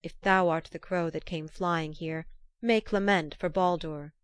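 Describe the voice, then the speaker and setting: A determined young messenger from a myth, speaking earnestly and formally, as a woman reader voices him. The voice sits low and the recording is close and dry. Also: steady tone, a little slow, smooth, no room sound, close to an everyday voice. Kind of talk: storybook reading.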